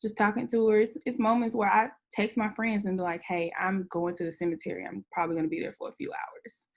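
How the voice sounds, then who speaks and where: A young woman from Memphis, USA, appears as a podcast guest and shares a painful family story, laughing to hold back tears as she fights them. Her mid-range voice is level in tone, fast, and creaky.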